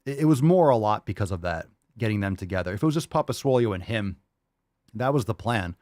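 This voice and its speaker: A man's voice: lowish voice, expressive, quick pace, darkish tone, dry recording, clean studio sound. A young man hosting a podcast, talking loosely and casually, laughing often and swearing freely. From Florida. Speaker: podcast host.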